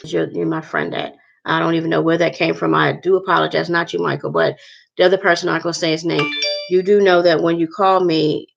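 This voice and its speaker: A woman's voice: sits low, a little fast, creaky, lo-fi sound. A woman vlogger talking earnestly to her viewers about faith, rambling and repeating herself.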